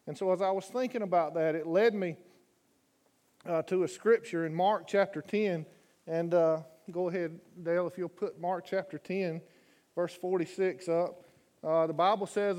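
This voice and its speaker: A man preaching a sermon as a guest preacher in a church, folksy and chatty, rising to loud fervent scripture reading. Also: high voice, normal speed. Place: church sanctuary.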